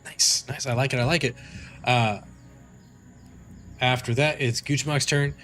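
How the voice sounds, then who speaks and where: A man's voice: medium pitch, steady tone, measured pace, a bit bright, soft background music. Rambling male game master. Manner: loose, rambling, lots of fillers. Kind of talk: narrating a tabletop game.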